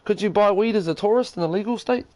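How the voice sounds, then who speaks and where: A man's voice: sits high, quick pace, darkish tone, no room sound, poor audio. A man with a New Zealand accent chatting casually as a game streamer from his lounge, rambling and profane. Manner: rambling, profane and laid-back. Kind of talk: casual chat. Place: lounge at home.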